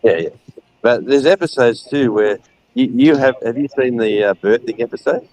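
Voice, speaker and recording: A man's voice: mid-range voice, normal speed, darkish tone, a little hiss or hum, poor audio. A middle-aged man, chatting casually on a livestream and retelling scenes with laughs. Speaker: livestream co-host. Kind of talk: casual chat.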